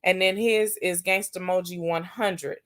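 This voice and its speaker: A woman's voice: on the low side, steady tone, a little slow, fairly bright tone. Chatty woman hosting a livestream. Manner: chatty, reads viewer comments aloud and answers them; affectionate, calls viewers baby and sis. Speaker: livestream host. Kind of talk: casual livestream chat.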